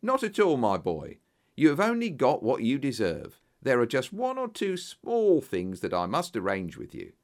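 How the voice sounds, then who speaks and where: A man doing an effusive, flattering businessman. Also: mid-range voice, moderate pace. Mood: persuasive. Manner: exclamatory, flattering, animated. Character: eager, effusive older male businessman. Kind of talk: audiobook character voice.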